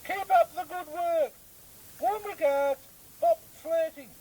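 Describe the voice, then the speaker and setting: A squeaky bumbling politician. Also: male voice, takes it slowly, dark tone, rough recording. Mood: flustered. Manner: flustered, keeps fumbling his own name. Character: squeaky bumbling male opposition leader.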